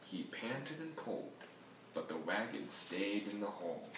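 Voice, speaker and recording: Slow, lively man reading a picture book. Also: fairly low pitch, background noise. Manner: slow, lively storybook delivery with sound effects. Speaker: reader. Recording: echoey room, mic far off.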